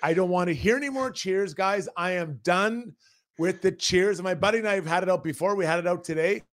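A man's voice: high-pitched, fairly quick, fairly bright tone. A man in his forties on a casual podcast, ranting with mock outrage about a pet peeve. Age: 40s. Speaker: podcast co-host.

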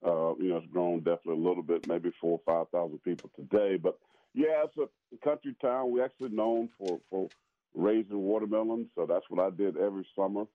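A man's voice: sits low, fairly quick, no room sound. A man from South Carolina, a pastor and former football player, talking casually with many restarts and fillers. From South Carolina, USA. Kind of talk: casual conversation. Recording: tinny phone-like line.

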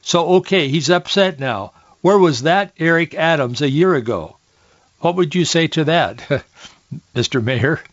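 Male talk radio host, folksy commentator who restarts a lot, slightly high voice, dry dull studio sound. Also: lively intonation, a little slow, no room sound. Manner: folksy, restarts often, reads quotes aloud with rising heat.

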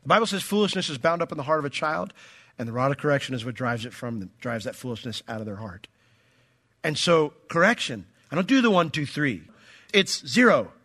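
A man preaching a sermon as pastor, emphatic and animated, acting out quoted voices. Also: medium pitch, quick pace.

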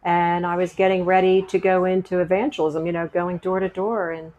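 A middle-aged woman recounts her story to interviewers in a casual, chatty way. Her voice sits a little low for a woman, and she brings the conversations she remembers to life as she tells them. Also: a little fast. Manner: chatty, animated retelling with quoted dialogue. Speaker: guest sharing her testimony.

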